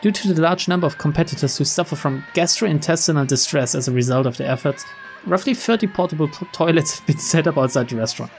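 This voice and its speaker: A man's voice: fairly high pitch, quick pace, faint music behind. Young man reading a story game aloud. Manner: casual, chuckling asides between narration. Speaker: let's player. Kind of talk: reading a visual novel aloud with commentary.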